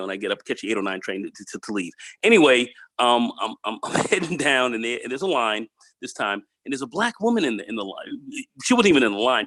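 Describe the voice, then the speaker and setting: A man hosting a podcast who tells a story in a casual, animated way, repeating words and acting out the dialogue. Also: on the low side, dry recording. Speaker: podcast host.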